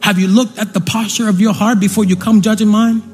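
Man, preacher, high voice, husky, fervent, repetitive, faint music behind. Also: little pitch movement, a little fast. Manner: fervent, repetitive, bursts into sung and shouted lines. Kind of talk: sermon. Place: church stage.

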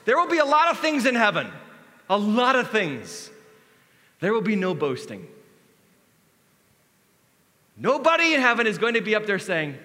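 A male pastor preaching with a lively, swooping delivery, his voice rising and falling as he acts out quoted lines. His tone is bright and forceful, and a long hall reverb trails each phrase through the church. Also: high voice, measured pace, pauses often. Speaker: lead pastor. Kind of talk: sermon.

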